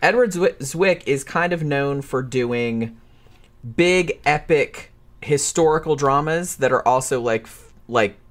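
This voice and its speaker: A man's voice: mid-range voice, a little slow. Man explaining movie background casually. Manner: informative, hedging, talks in long run-on explanations. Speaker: podcast co-host.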